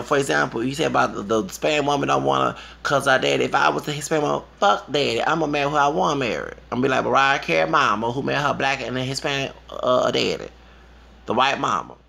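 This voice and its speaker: A man in a casual vlog rant, emphatic and profane, swinging between low mutters and loud outbursts. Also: gravelly. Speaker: vlogger. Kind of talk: impassioned personal rant. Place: Houston.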